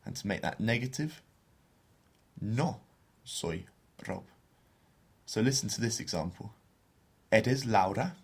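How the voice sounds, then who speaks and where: A man co-hosting a beginner Spanish podcast, explaining phrases and slowing down to model pronunciation. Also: on the low side, animated, husky. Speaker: podcast co-host teaching Spanish.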